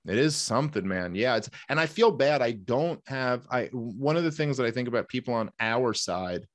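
A man's voice: medium pitch, animated, moderate pace, no echo. Emphatic man hosting a casual chat. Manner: conversational, emphatic, rambling asides. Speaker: podcast host.

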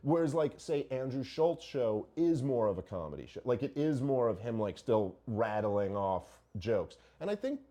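Animated, mellow-voiced man arguing casually. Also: medium pitch, normal speed, few pauses. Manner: animated, argumentative, profane, rhetorical questions. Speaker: podcast host. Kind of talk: casual opinionated chat.

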